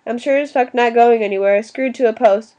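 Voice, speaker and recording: A woman's voice: on the high side, brisk, dark tone, lightly acted. A woman reading the part of a chatty, joking drive-in intercom voice in an audiobook, full of radio slang. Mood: coaxing.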